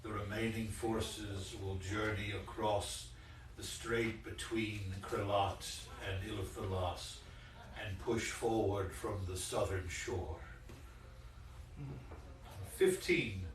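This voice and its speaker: A man's voice: on the low side, fairly even intonation, slow, a little hiss or hum. A man narrating a tabletop game as game master, casual and rambling with many fillers. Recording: roomy echo from a distant mic.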